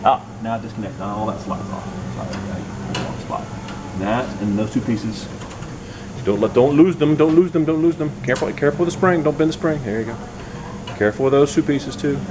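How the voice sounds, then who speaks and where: In a noisy home garage, a middle-aged man hosts a video, coaching a kid step by step through a car repair. His voice is medium-pitched and a bit quick, and his workshop narration stays casual.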